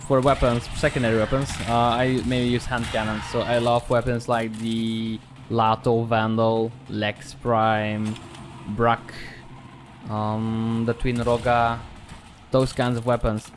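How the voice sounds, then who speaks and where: A man giving casual, relaxed commentary over his own gameplay, pausing often with ums and restarting sentences. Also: medium pitch. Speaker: gaming channel host. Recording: clear background noise.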